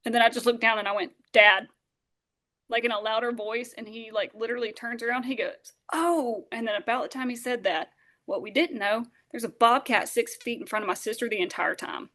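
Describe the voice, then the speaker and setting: A woman, a podcast guest telling a lively story and acting out the voices of those in it. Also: a little high, fast. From Southern Alabama. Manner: animated, acts out dialogue, many fillers. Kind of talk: storytelling in casual interview.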